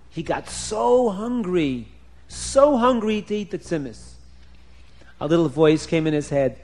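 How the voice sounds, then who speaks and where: A man telling a story to children in an animated, expressive way with dramatic swings in loudness. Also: fairly high pitch, normal speed.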